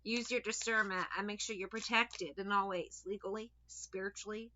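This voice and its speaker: A woman doing a casual tarot reading in a bright, sharp voice. She talks blunt and chatty, swearing offhand while handing out direct advice. The recording is dull and lo-fi. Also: mid-range voice, fairly even intonation, moderate pace, slight background noise. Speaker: tarot reader.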